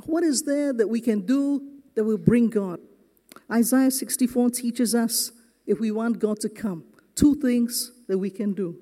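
A man preaching a sermon as pastor, slow and earnest, leaning hard on key words in a church. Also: extremely high pitch, dark tone. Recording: long reverb of a large hall.

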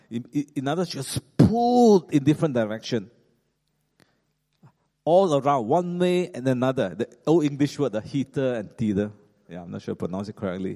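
A man preaching a sermon in an animated, conversational way, with many fillers, restarts and chuckling asides. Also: medium pitch. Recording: echoey hall.

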